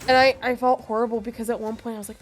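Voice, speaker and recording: With a fairly high voice and a very fast delivery, a woman co-hosting a stream tells an animated story while playing a game, voicing other people's lines herself. Faint music can be heard in the background.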